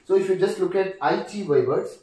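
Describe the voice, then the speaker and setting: A man with an Indian English accent teaching a lesson on word stress, speaking deliberately and repeating each example word. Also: high voice, mellow. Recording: echoey room, distant mic.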